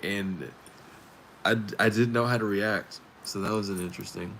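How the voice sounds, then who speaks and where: A man hosting a spiritual talk stream, rambling casually with many fillers and pauses. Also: low voice, steady tone, a bit bright, slight background noise. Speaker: tarot stream host.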